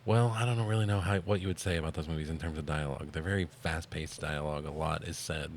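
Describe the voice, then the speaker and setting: Low-voiced guy cohost, laughs a lot, bit of faint hiss behind him. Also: steady tone, fast. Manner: laughs a lot, adds short agreeing remarks. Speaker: podcast co-host. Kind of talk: casual movie review chat.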